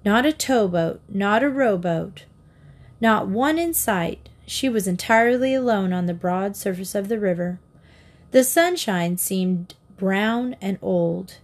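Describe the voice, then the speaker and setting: Woman reading a kids' book out loud, slow and calm. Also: medium pitch. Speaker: audiobook narrator. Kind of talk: storybook narration.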